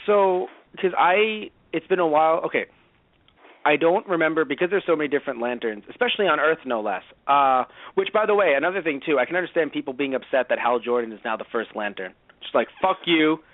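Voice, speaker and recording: A man co-hosting a casual movie-review podcast, talking in an animated, profane way and acting out mock dialogue. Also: fairly high pitch, fast talker, dry recording. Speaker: podcast co-host. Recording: tinny phone-like sound, dry.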